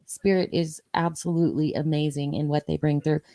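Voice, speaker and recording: A woman with a fairly low voice, talking as co-host in a casual chat. She tells stories about her sessions at a relaxed, conversational pace. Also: a little fast. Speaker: host and medium.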